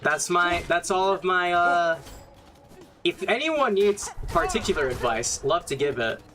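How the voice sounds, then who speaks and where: A man's voice: high voice, lively intonation, measured pace, music in the background. A young man casually commenting while streaming a game, blunt and rambling, swearing often.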